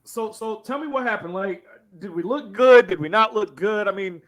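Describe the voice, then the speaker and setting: Brash man hosting a sports podcast, high and animated voice, loud and excitable. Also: normal speed. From Arkansas. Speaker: podcast host.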